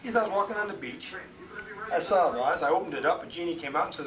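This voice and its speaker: A man's voice: a little high, expressive, fast, a bit bright, a little hiss or hum. A man casually telling jokes at a party, drawling and acting out the characters. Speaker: joke teller. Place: bar or party room. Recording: far-off camcorder mic with crowd chatter.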